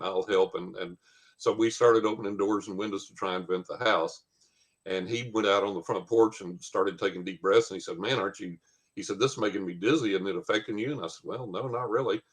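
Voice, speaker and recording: A man tells a long anecdote in a fairly low voice. He rambles along with many "uh"s and acts out what other people said. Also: a bit bright. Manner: rambling anecdote with many fillers and quoted dialogue. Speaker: guest storyteller. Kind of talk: casual storytelling.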